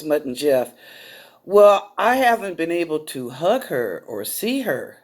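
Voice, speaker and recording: A middle-aged woman with a low-pitched voice hosts a psychic talk show, sounding tearful and choked up. Her manner is folksy and emotional, and she addresses the viewers as y'all.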